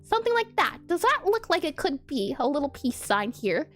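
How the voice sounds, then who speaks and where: A woman's voice: high voice, very animated, moderate pace, a bit bright, faint music behind. A woman streamer with a slightly nasal, nerdy voice and a scratchy throat, chatting and thinking aloud as she draws. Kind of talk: casual live-stream chat while drawing.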